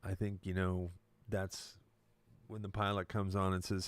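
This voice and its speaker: A male musician and producer chatting casually on a live stream from his recording studio, relaxed and explanatory. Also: low voice, a little slow, dry recording.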